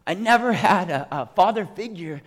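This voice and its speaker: Impassioned high-voiced preacher in echoey hall. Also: male voice, animated, moderate pace. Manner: impassioned, swings from yelling to soft tearful speech. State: crying. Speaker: guest preacher. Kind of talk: sermon testimony.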